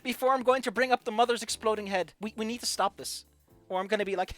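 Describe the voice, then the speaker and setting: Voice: mid-range voice, fairly even intonation, brisk. A streamer who did not grow up speaking English, chatting and joking self-deprecatingly over a game, with faint music behind. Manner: chatty, jokey, self-deprecating, swings between loud outbursts and mumbling.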